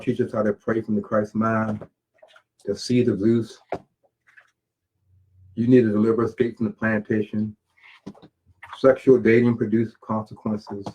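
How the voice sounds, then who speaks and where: A man's voice: lowish voice, dark tone, slightly rough, poor audio. A man talking casually about his books and life in a rambling, plain-spoken monologue with preachy asides. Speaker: self-published author and channel host.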